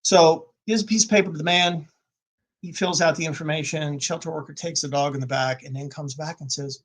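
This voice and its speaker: A man speaking as a podcast guest, telling a personal story with strong emphasis, swinging from loud to nearly a whisper. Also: a little high, steady tone, a little fast, poor audio.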